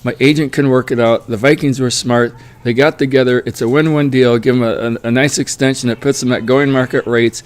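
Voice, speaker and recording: A man's voice: mid-range voice, steady tone, fairly quick, few pauses. A middle-aged man giving his casual, opinionated take in a solo monologue. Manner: opinionated, mocks players in whiny quoted voices. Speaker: sports commentary vlogger.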